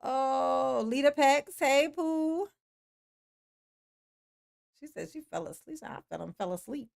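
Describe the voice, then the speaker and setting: A young woman hosts a casual livestream and chats with viewers in a slightly high voice. She talks slowly and drawls her replies, with many "yes, honey" asides. She is playful and laughs often as she reads out names. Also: vocal fry, darkish tone. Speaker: livestream host. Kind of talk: casual livestream chat, reading and answering a live chat.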